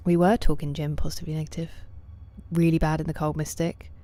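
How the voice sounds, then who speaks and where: A woman with a low voice chats with her stream viewers from a home setup at night. She greets people by name and answers their comments, her tone often sinking to a soft half-whisper. The close mic keeps her mellow, relaxed timbre right up front. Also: fast. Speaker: livestreamer. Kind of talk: casual chat with viewers while gaming.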